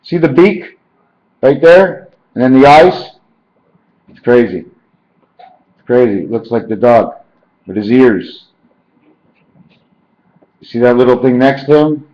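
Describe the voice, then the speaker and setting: A man's voice: medium pitch, animated, slow pace, pauses often. Rambling man, echoey lo-fi home video. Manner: rambling, jumps between loose word and number associations. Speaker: vlogger. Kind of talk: rambling monologue to camera. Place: indoors at home. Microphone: handheld camera. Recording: echoey, dull lo-fi camera audio.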